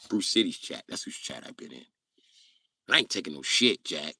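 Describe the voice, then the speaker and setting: A man's voice: low-pitched, very animated, a little fast, vocal fry, sharp tone, no echo, studio quality. A man chatting casually on his live stream, joking and cursing freely. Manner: crude, profane, joking. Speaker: livestreamer.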